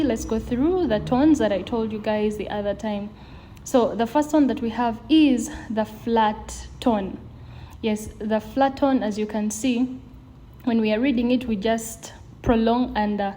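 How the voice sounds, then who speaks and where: Slow, mellow-voiced woman teaching tones. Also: on the high side, a little hiss or hum. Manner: slow, patient, drawn-out demonstrations of tones. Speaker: language teacher. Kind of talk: video lesson.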